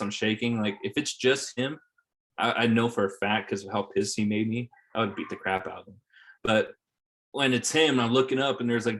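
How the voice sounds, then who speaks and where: A man's voice: lowish voice, a bit bright. A man in his thirties, a podcast guest, telling stories in casual chat, swearing and repeating words as he goes. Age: 30s.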